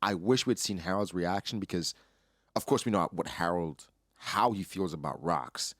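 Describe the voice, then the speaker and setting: A man's voice: low voice, normal speed, fairly bright tone, no echo, studio quality. A young man hosting casual commentary, breaking down a comic chapter and acting out character lines in his own voice. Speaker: anime reaction host.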